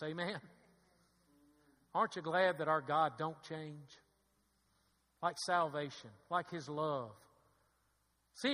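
Pastor, male, fervent sermon delivery, bright forceful tone, reverberant church sanctuary. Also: a little high. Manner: preaching with rising fervor and call-and-response asides. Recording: long hall reverb.

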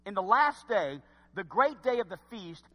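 Preacher guy in a big echoey church, really high bright voice, goes from whispering to yelling, talks right at the folks. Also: very animated, normal speed. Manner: dramatic swings from hushed to shouting; folksy, talks straight to the congregation. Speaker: pastor. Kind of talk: sermon. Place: church sanctuary. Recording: long hall reverb.

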